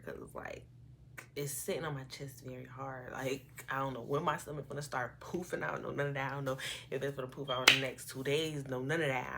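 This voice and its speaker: A woman in her early twenties telling an animated, rambling story on her vlog, often quoting herself. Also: rumbling low, noisy background. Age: 20s. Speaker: vlogger. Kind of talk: casual storytime. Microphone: phone camera.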